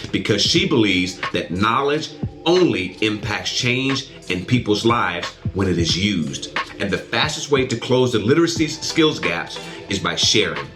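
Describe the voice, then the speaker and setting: An American man opening his podcast, reading a formal introduction of his guest in an upbeat way. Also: on the low side. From United States. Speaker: podcast host. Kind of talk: scripted show introduction.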